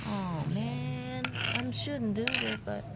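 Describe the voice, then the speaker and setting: A woman talks slowly and unhurriedly in a slightly high voice, filming herself in her yard on a phone. She chats casually in simple, broken English. She keeps apologizing as she goes. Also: fairly even intonation, vocal fry, heavy background noise. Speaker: vlogger and mother. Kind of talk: casual vlog chat.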